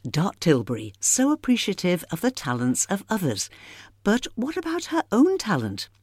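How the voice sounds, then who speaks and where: A woman's voice: medium pitch, huge pitch swings, moderate pace, a little mellow, husky, no room sound, studio quality. A woman presenter reading a scripted narration that links the interview clips.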